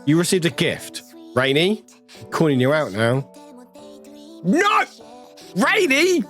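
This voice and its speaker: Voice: mid-range voice, expressive, soft background music. A streamer chatting casually with viewers, reading out chat and greeting people, with a lingering cough. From United Kingdom. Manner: chatty, rambling, warm toward chat, quick laughs.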